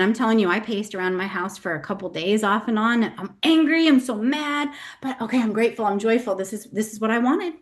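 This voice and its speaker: A woman in her forties hosts a motivational talk for her business team. She speaks earnestly and with emphasis, at a middle pitch, sometimes acting out her own inner voice as she works through a point. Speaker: host, business coach.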